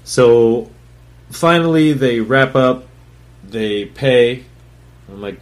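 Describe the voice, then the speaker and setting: Man, chef-host, mid-pitched, swears freely, brags, rambles with restarts. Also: animated, slow, long pauses. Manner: profane, blunt and boastful; rambling with many fillers and restarts. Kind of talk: casual solo storytelling.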